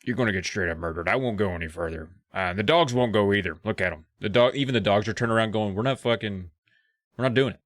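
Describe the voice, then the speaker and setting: A man's voice: lowish voice, quick pace, fairly bright tone, dry recording, clean studio sound, lightly acted. A man putting on a stubborn adult male wilderness guide who refuses curtly and curses. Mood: gruff refusal. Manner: curt, cursing refusals.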